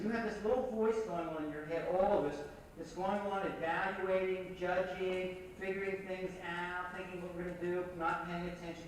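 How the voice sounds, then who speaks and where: A man giving an animated workshop lecture, repeating points and directing the audience, recorded from far off on old reel tape in an echoey hall. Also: sits high, normal speed, slight background noise. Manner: animated, repetitive, coaching the audience.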